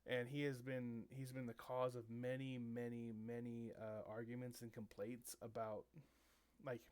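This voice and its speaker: A man's voice: medium pitch, level tone, darkish tone, clear, resonant tone. Rambling male game master. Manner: halting, many fillers and restarts. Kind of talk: improvised tabletop narration.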